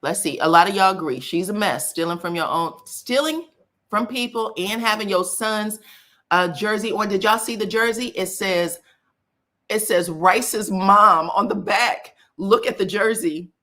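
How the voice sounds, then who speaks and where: A woman hosts a casual live gossip stream, talking straight to her viewers. Her voice is bright and forceful. She chats and exclaims as she reads their comments aloud. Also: medium pitch, moderate pace. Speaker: celebrity gossip host.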